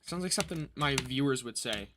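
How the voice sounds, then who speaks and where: A man's voice: medium pitch, lively intonation, brisk, background noise. A man casually commenting on his gameplay during a livestream, joking and sarcastic, muttering to himself and chewing gum as he plays. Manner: joking, sarcastic, talks to himself while playing. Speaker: gaming livestreamer.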